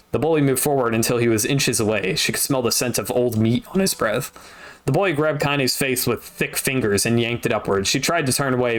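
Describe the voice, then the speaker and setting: Man reading a novel aloud on stream. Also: medium pitch. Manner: reads steadily, breaks off with wry asides. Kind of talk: casual audiobook reading with asides.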